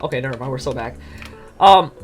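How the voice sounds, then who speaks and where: A woman chatting casually as she tells a personal story, full of fillers, acting out quotes in an animated way. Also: rumbling low, brisk, soft background music. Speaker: streamer telling a personal story.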